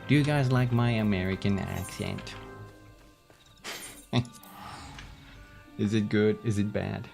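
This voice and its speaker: A man's voice: on the low side, slow pace, vocal fry, pauses often, darkish tone, faint music behind. A man streaming a game, chatting casually and playfully with viewers. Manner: rambling, playful, hums and yawns. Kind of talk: casual gameplay chat.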